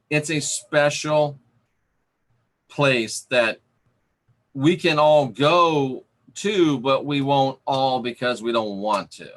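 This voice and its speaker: A man giving a livestream sermon, slow and emphatic, repeating his phrases for weight. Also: mid-range voice. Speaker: preacher reading live chat.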